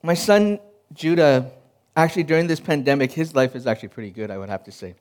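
Earnest high-voiced male pastor. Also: fast talker, darkish tone. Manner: earnest, personal storytelling with frequent restarts. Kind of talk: sermon.

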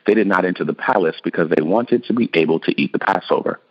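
A man with a deep voice reads scripture aloud in a steady, even way. The audio is dull and lo-fi. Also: fast. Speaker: scripture reader. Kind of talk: scripted narration.

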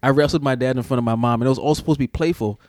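A man in casual chat, telling animated stories about raising his kids. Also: medium pitch, rapid-fire, a little hiss or hum. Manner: animated storyteller acting out family scenes.

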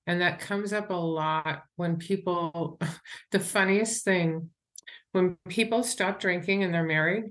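A woman's voice: on the low side, takes it slowly. A middle-aged woman, an author and coach, talking in a podcast interview and acting out the voices she quotes as she tells stories. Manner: animated storyteller who acts out quoted voices and laughs. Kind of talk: conversational interview.

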